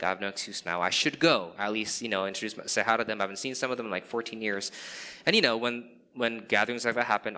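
A man's voice: mid-range voice, bright, forceful tone. A man, a pastor preaching a sermon in an earnest way and telling candid stories on himself. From Indonesia. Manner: earnest, with candid self-deprecating storytelling. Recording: reverberant hall.

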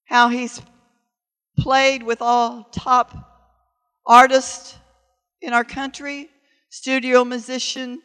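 A middle-aged woman preaching with impassioned, rising fervor, her bright, forceful voice pushing each declaration. The tone stays smooth and resonant even at full volume, and long reverb from a large church hall trails every phrase. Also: fairly high pitch. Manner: impassioned, building to loud fervent preaching. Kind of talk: sermon.

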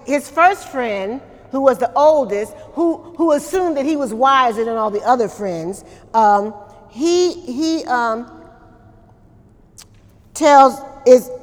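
Slow-preaching woman pastor, echoing hall. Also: high-pitched, animated. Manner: conversational preaching with many repeated words and questions to the congregation. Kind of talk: sermon. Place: church during a service.

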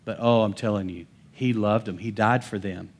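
A man preaching a sermon as pastor, emphatic and swinging between bold calls and hushed asides, often calling to the congregation for amens. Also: lowish voice, fairly even intonation, normal speed, slightly rough.

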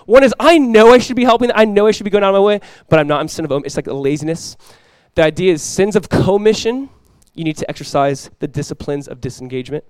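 Energetic young male pastor, smooth voice. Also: sits high, fast talker, hardly any pauses, dry recording. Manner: energetic, conversational preaching with frequent restarts. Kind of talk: sermon.

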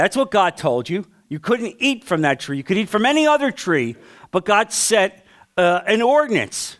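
A male pastor preaching a sermon with passion, asking the congregation questions and swinging from loud to hushed. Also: high voice, very animated, moderate pace.

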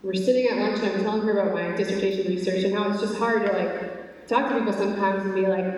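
A woman's voice: mid-range voice, quick pace. A young woman giving a faith talk to a live audience, telling stories earnestly with lots of fillers. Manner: earnest, animated storytelling with many fillers. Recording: echoey hall, voice from far off.

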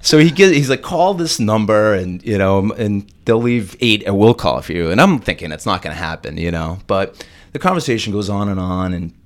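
Animated male storyteller. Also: lowish voice, moderate pace. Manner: animated, acts out quotes in a raised voice. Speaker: podcast guest. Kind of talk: casual storytelling.

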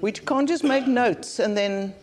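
A woman's voice: on the high side, measured pace, darkish tone. South African woman, conference preacher; earnest, blunt, repeats lines for emphasis. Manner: earnest, plain-spoken preaching with repetition. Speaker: conference speaker. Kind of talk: sermon.

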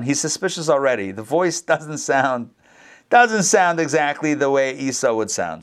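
A man teaching a scripture lesson to a class, acting out the characters' lines with sudden jumps up in pitch and making chatty asides to his listeners. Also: animated, normal speed. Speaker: rabbi teaching Torah class.

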